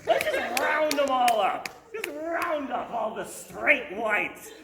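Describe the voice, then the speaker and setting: A woman's voice: high voice, sing-song, slow, far from the mic, exaggerated voice. A woman doing an impression of an older male children's author who rambles on, plugging his own products. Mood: self-promoting. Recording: echoey venue with background noise.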